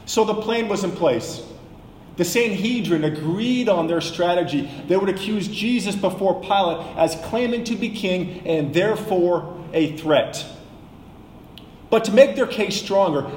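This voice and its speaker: A man teaching a sermon, measured and explanatory, slowing down for emphasis. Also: sits high, a little mellow, roomy sound, long reverb tail, slight background noise, low-quality recording. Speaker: preacher.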